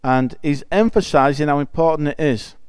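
A man's voice: fairly high pitch, moderate pace, a little mellow, smooth, no room sound. A man preaching a conversational sermon. He reads scripture aloud and explains it in a chatty, emphatic way, often restarting phrases.

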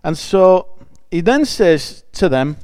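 High, smooth-voiced preacher. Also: male voice, very animated, takes it slowly, darkish tone, no room sound. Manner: chatty and emphatic, with frequent restarts. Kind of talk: conversational sermon with scripture reading.

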